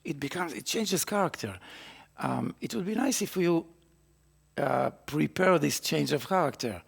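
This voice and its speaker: A man's voice: on the high side, lively intonation, vocal fry, breathy edge. A man teaching a trumpet master class, encouraging the student and singing phrases on syllables to show how they should go. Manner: sings phrases on syllables to demonstrate; encouraging, halting with restarts. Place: recording studio. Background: trumpet playing.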